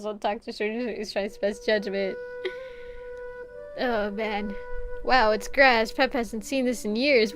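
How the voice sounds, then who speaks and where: A woman's voice: fairly high pitch, unhurried, faint music behind. A young adult woman streaming a game, chatting casually, reading chat aloud and laughing often. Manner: giggly, playful, reads chat aloud.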